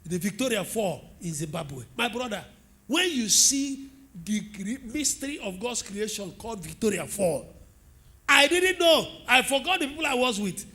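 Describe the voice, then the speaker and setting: A middle-aged man with a Nigerian accent, preaching a sermon as pastor and telling animated stories to the congregation. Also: high-pitched, normal speed. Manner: animated storytelling preacher, asks the congregation questions.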